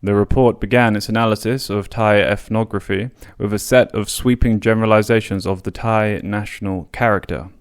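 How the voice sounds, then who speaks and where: A man with a somewhat low voice reads long passages from a history book for his podcast. He mixes the quotes with relaxed asides and now and then trips over a word and restarts it. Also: moderate pace, hardly any pauses, clean tone. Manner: occasional stumbles and restarts on words. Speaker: podcast host. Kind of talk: reading and paraphrasing a history book aloud.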